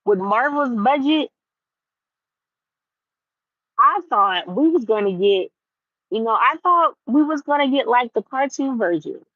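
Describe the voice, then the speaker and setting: A woman's voice: on the high side, normal speed, no room sound. Young woman vlogger, chatty and worked up, dry slightly muffled sound. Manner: animated, repeats herself for emphasis. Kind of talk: casual ranting chat to viewers.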